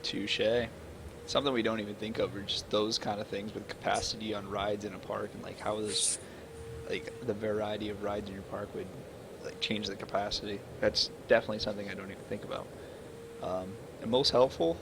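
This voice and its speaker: A man with a slightly low voice hosts a casual online webcast. He chats loosely and jokes with his guests. His voice call carries a clear layer of background noise. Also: brisk. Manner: relaxed, joking, leads the discussion. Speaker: webcast host. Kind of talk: casual podcast chat over a call.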